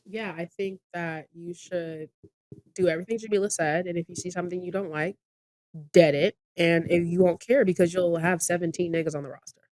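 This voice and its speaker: A woman's voice: lowish voice, fairly even intonation, fairly quick, darkish tone, dry recording. A young adult woman co-hosting a podcast in casual chat, blunt and joking, full of slang. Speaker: podcast co-host.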